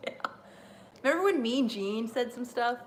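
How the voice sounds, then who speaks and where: A woman's voice: on the high side, animated, unhurried, a little hiss or hum. A young woman hosting a live stream, rambling casually with lots of fillers and frequent laughter.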